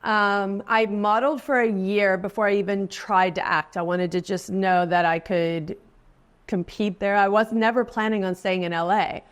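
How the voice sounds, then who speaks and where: Forty-something woman chatting away in an interview, laughs a lot, mid-pitched voice. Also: steady tone, normal speed, clean tone. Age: 40s. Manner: chatty, laughs often, voice lifts when quoting others. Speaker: guest actress. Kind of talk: casual interview.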